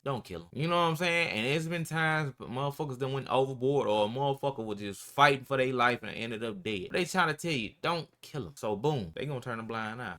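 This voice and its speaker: Male YouTuber, bright forceful voice, slangy profane storyteller. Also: medium pitch. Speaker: YouTuber telling prison stories. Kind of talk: casual storytelling.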